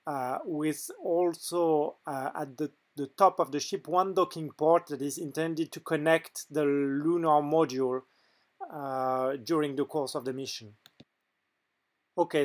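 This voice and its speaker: Man, French accent, non-native English, slightly high voice, hesitant demo voice-over. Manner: hesitant, frequent filler pauses. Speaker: game mod developer.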